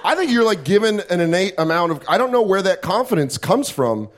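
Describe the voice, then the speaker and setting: On a club stage, a man performs a stand-up set in a high, very animated voice. His humor is profane and self-mocking, and he slips into quick put-on voices.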